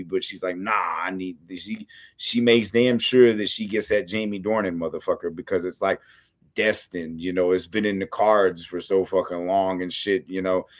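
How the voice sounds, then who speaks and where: Low-voiced man ranting casually. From United States. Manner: profane and rambling, heavy swearing and fillers. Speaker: host of a film review series. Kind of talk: casual ranting film review.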